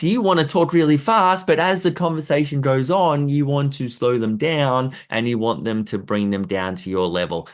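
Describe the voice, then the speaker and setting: A man teaching sales technique to photographers in a loose, repetitive way. He acts out little examples, his voice leaping high and then dropping low again. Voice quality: animated, acts out examples with sudden high jumps. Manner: repetitive, loose phrasing with fillers. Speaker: photography business coach.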